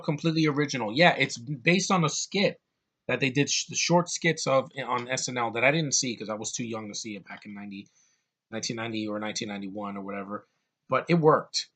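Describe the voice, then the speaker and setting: Young male reviewer, mid-range voice, casual ranting delivery, blunt and profane. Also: medium pitch. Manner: blunt, ranting, swears freely, repeats words when excited. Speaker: movie reviewer. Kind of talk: casual opinionated movie review.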